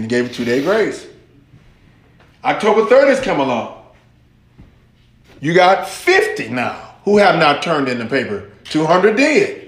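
In a roomy-sounding recording, a man with a slightly high voice preaches unhurriedly, leaving long pauses. He tells a sermon illustration with animation, acting out the voices he quotes.

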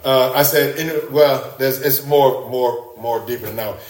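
A man preaching a sermon in an animated way, often rising high for emphasis and repeating his words. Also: unhurried, echoey room.

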